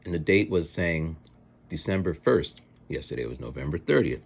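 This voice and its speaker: A man's voice: deep voice, moderate pace, breathy edge. A man with kids telling stories in a casual, rambling vlog monologue while he eats. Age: adult with children. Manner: rambling, animated, mimics other people's voices in quotes. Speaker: vlogger. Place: home, eating a meal.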